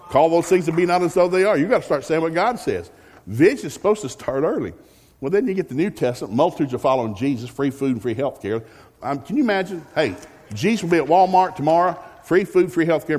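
Lively, husky-voiced pastor in a reverberant hall. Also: male voice, fairly high pitch. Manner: folksy, joking, animated storytelling. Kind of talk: storytelling sermon. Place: church sanctuary. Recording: long reverb of a large hall.

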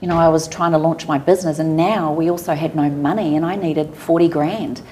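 A woman's voice: low-pitched, fairly even intonation, a little fast, warm tone, slight background noise. A woman from New Zealand with a New Zealand accent, a podcast guest telling her story in a candid, emotional way. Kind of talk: personal storytelling in an interview.

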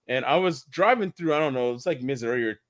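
A man's voice: mid-range voice, lively intonation, fast talker, fairly bright tone. A man co-hosting a casual podcast, telling a long rambling story with restarts and laughs. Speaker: podcast co-host.

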